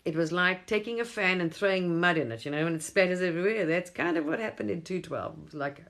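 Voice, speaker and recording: A woman's voice: fairly low pitch, fast talker, a bit bright. A middle-aged woman from England hosting a casual late-night livestream on her phone, rambling and chuckling often. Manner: rambling, chuckles often, mimics voices in quotes. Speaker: livestream host.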